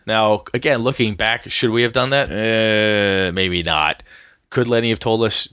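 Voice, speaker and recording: A man's voice: fairly low pitch, expressive, moderate pace, fairly bright tone, smooth, no room sound, highs cut off. A man co-hosting a casual podcast chat, telling a rambling story with many restarts and the odd swear word. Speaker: podcast co-host. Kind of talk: casual chat about tabletop gaming.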